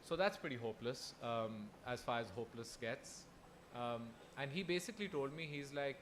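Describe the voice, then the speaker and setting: Young man, earnest, halting speech, restarts, mid pitch, faint hall hum. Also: expressive, a bit bright. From Pakistan. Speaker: festival speaker. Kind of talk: personal storytelling on stage. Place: festival hall.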